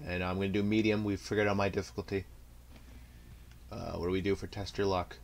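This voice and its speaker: A young man giving live commentary over his own fighting-game match, excitable and trash-talking, laughing at his own jokes. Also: deep voice, a little fast, creaky. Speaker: gameplay commentator.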